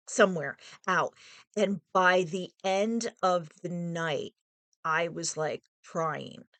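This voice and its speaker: A woman's voice: mid-range voice, fairly bright tone, no room sound. A woman recounts a story from her own life in a loose, conversational way, wandering off on side thoughts before returning to the point. Her voice sits in a middle register and is recorded close and dry, with no room sound around it. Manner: rambling, digressive, thinking aloud. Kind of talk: casual personal storytelling.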